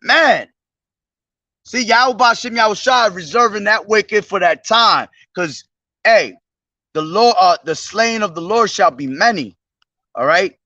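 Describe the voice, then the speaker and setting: A man street preaching outdoors, reading scripture loudly and slowly, then breaking into profane, agitated ranting. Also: high voice, expressive, no room sound, distant mic, muffled recording. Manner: profane, agitated ranting between loud declaimed verses.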